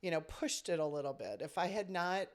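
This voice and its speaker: Reflective woman, lowish voice. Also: lively intonation, brisk. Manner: reflective storyteller, many "you know" fillers. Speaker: camp director and podcast host. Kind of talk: casual podcast chat.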